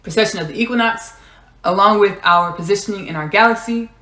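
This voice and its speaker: A woman's voice: mid-range voice, fairly quick, sharp tone, reverberant. A woman hosting a podcast, giving a spiritual channeling monologue, repeating her phrases and drifting into whispers. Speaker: podcast host.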